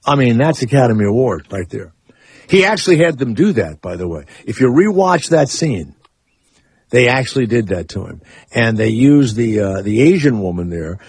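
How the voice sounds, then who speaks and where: Husky, animated radio host man. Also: medium pitch, normal speed, no echo. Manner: rambling, opinionated, animated. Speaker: radio talk show host. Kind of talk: casual talk radio chat. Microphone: studio microphone.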